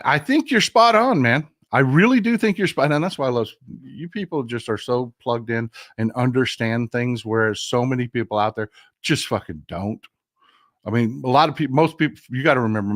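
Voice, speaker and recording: A man at a middle pitch rants about politics on his own show, swearing freely and calling his viewers folks. His voice sounds dry and close, with almost no room around it. He talks in a casual, animated way. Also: no echo. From Texas. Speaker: political commentary host. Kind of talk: casual political livestream rant.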